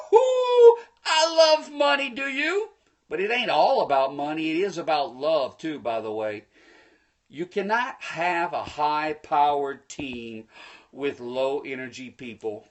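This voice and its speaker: Guy preaching motivation on a phone livestream, folksy, talks right at you, gets loud and excited. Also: high voice. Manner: energetic, preachy, bursts into excited shouts; folksy, addresses viewers directly. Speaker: motivational speaker hosting a livestream. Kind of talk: live-streamed motivational talk.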